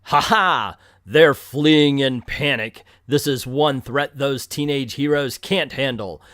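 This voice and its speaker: A man's voice: mid-range voice, slow pace, fairly bright tone, dry recording. Gloating villain, male, cackling and boastful, put on by a man reading a comic, dry close sound.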